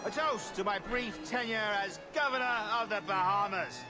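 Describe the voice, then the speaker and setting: A man voices a pompous, recently sacked colonial governor in a video game. He speaks in grand, sarcastic flourishes, with a voice pitched high for a man. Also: normal speed, music in the background, close to an everyday voice. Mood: sardonic. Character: pompous ousted colonial governor, bitter and theatrical.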